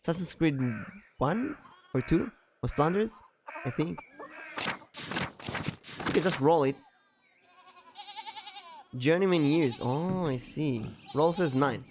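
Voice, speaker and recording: A man's voice: fairly high pitch, animated, slow pace, pauses often, a little mellow, a little hiss or hum. Rambling man. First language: Danish. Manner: rambling, self-correcting, laughs easily. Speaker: streamer playing a game. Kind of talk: casual let's-play commentary.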